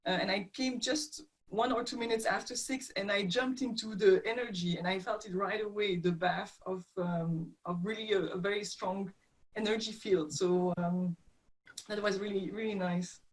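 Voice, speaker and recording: A woman speaks with a French accent over a video call, in a middle-range voice. She searches for her words as she goes, filling the gaps with pauses and fillers. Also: medium pitch, steady tone, poor audio. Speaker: session participant. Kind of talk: casual group video call.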